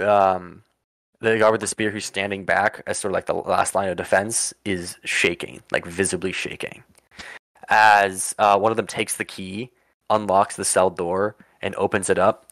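A man narrating as game master for a tabletop campaign, rambling with lots of fillers and quick in-character asides. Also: on the low side, fairly even intonation, a bit bright, no echo.

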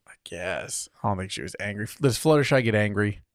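A man's voice: fairly low pitch, expressive, fairly quick, no room sound, clean studio sound. A man in his thirties co-hosting a casual podcast chat, laughing often and acting out quotes in playful voices. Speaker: podcast co-host.

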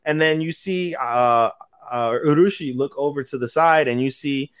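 Guy on a podcast recapping anime, kinda high voice, jumps around doing the characters, dry close mic. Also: clean tone, no echo. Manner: animated retelling, acting out character lines with quick voice jumps. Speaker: podcast co-host. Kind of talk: casual anime recap chat.

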